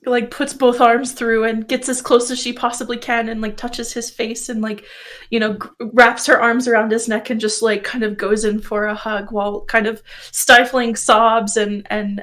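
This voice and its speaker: A woman's voice: on the high side, level tone, normal speed, fairly bright tone. Woman player rambling through her actions. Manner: rambling, filler-heavy. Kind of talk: describing her character's actions.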